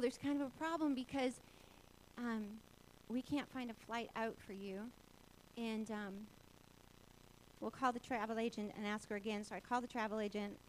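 A woman in her forties telling a personal faith story, animated and laughing often as she acts out the voices of people she quotes. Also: fairly high pitch, slight background noise, low-quality recording. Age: 40s.

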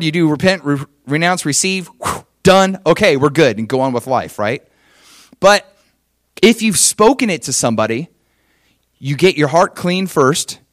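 A man's voice: fairly high pitch, no room sound, clean studio sound. A man preaching a sermon as pastor, emphatic and conversational, often checking in with his listeners. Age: adult father with children.

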